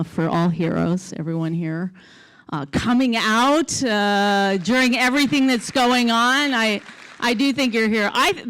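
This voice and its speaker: A Canadian woman doing a stand-up comedy set on stage, deadpan and chatty with the crowd. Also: mid-range voice, clear, resonant tone, no echo, poor audio. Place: theater stage before a live audience.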